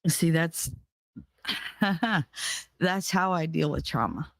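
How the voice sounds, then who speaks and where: A young adult woman hosting a podcast, telling a story with heavy profanity, her voice climbing into yelling in the tense parts. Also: low-pitched, lively intonation, normal speed, creaky, no echo, clean studio sound. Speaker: podcast host. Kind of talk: storytelling monologue.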